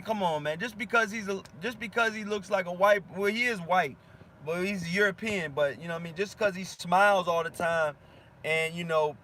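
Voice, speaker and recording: A man's voice: sits high, bright, forceful tone. A male boxing channel host ranting at viewer comments, fired-up and slangy, repeating himself for emphasis. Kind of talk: heated rant answering viewer comments.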